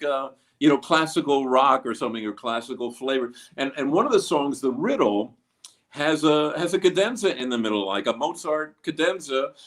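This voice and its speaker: A male musician being interviewed, speaking at a middle pitch. He rambles, circles back, and scatters fillers through every thought. It is a loose, conversational delivery. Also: a bit bright. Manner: rambling, with many fillers and restarts. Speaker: guest musician. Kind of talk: casual interview.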